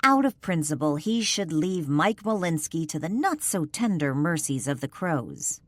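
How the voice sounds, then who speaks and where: A woman narrating a paranormal romance audiobook in a measured, expressive storytelling manner. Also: low-pitched, no echo. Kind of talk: scripted narration.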